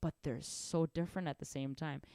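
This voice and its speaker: A young woman giving a casual drum lesson, animated and rambling, often restarting her sentences. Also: sits low, a little fast, no echo, clean studio sound. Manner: animated, rambling, self-correcting. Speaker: drum teacher.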